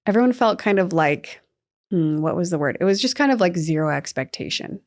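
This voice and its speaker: A young adult woman co-hosting a sports podcast, telling stories in a chatty, animated way with lots of fillers. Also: lowish voice, a little fast. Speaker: podcast co-host. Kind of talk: casual sports chat.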